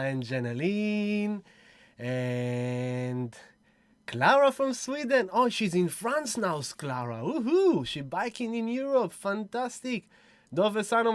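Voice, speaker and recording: A man's voice: sits high, clear, resonant tone, no echo. A man hosting a casual livestream, effusive and whooping as he greets viewers one by one. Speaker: livestream host.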